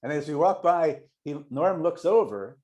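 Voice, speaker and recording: A middle-aged man, a longtime TV showrunner, telling casual anecdotes in a rambling way, full of restarts and quick acted-out voices for the people he quotes. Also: a little high, lively intonation, dark tone.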